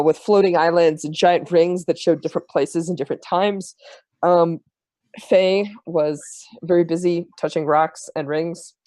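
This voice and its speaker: A man serving as game master, recapping the last tabletop session in a halting, filler-heavy way. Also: fairly high pitch, a little mellow, no room sound.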